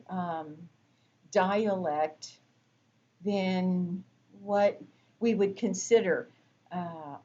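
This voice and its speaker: A woman instructor giving a recorded lecture, explaining terms in a measured way with frequent fillers. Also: lowish voice, darkish tone, highs cut off, a little hiss or hum.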